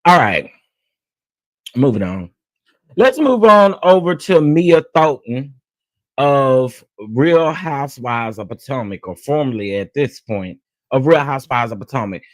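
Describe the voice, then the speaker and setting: A man's voice: mid-range voice, lively intonation, unhurried, no echo. A man hosting a celebrity gossip show in casual, sassy commentary, repeating phrases for emphasis and talking straight to his viewers. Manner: addresses viewers as "y'all". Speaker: host of a celebrity gossip channel.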